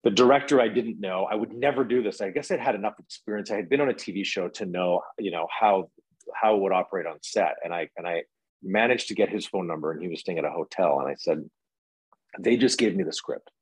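Deep husky man telling stories. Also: fast talker, dry recording, rough recording. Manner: rambling, many fillers and restarts. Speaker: actor, interview guest. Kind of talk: casual interview storytelling.

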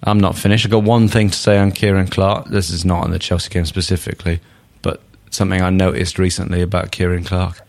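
A man's voice: sits low, little pitch movement, fast talker, vocal fry, hardly any pauses, a little mellow. A man co-hosting a casual football podcast, blunt and jokey, swearing freely. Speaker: podcast co-host.

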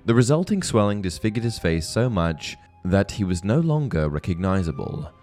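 Deep-voiced man narrating a book theory. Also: faint music behind. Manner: clear, measured storytelling with expressive emphasis. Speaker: host of a book-theory channel. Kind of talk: scripted narration and book reading.

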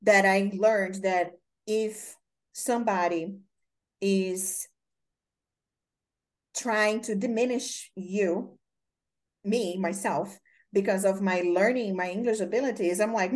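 Brazilian lady hosting an interview, tells long stories with lots of "you know" and "like", mid-pitched voice. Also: fairly even intonation, slow, long pauses. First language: Portuguese. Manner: rambling storytelling with many fillers. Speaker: host. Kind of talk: casual interview chat.

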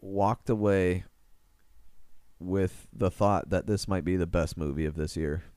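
A man's voice: sits low, a little slow, a little mellow, clear, resonant tone, no echo, clean studio sound. A man co-hosting a podcast, chatting casually, laughing often and rambling enthusiastically. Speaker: podcast co-host.

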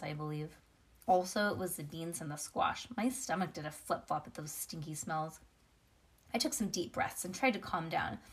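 A woman reading a children's chapter book aloud with a lively, expressive delivery and small slips along the way. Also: low voice.

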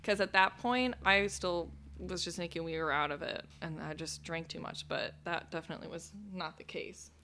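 Young woman, twenties, interview guest, bright clear voice, nervous laughing delivery. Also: lowish voice, fairly even intonation, moderate pace, hardly any pauses. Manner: talks in a rush with nervous laughs and "like". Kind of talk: personal account in an interview.

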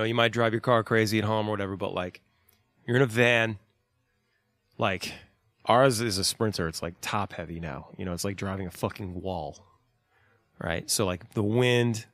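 A laid-back man in his thirties rambles through road advice with plenty of swearing. His voice sits on the low side. The sound is dry and close. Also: fairly bright tone, no echo. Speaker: touring band musician. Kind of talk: casual advice talk.

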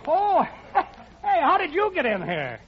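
A man's voice: very high-pitched, wildly swooping pitch, slow, some chatter behind, full character voice. An actor playing a bumbling man posing as a German spy, giggling and wisecracking in a mock German accent in 1940s radio comedy. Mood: panicky. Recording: dull hissy old radio recording.

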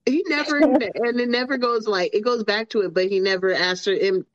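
A woman's voice: mid-range voice, moderate pace. Woman bantering, slightly dull sound. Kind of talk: casual movie commentary chat.

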